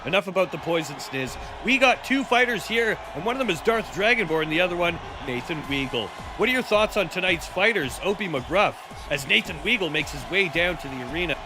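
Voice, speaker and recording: A man calling a wrestling match on a live stream as play-by-play commentator and streamer, crude, joking and shouty. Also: high-pitched, lively intonation, a little fast, hardly any pauses, noisy background. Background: music.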